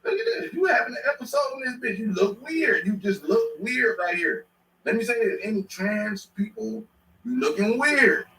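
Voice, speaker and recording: A man's voice: sits high, lively intonation, moderate pace, sharp tone, a little hiss or hum. A man casually reacting to clips on a stream, rambling and slangy with sudden bursts of laughter. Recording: echoey room, mic at a distance.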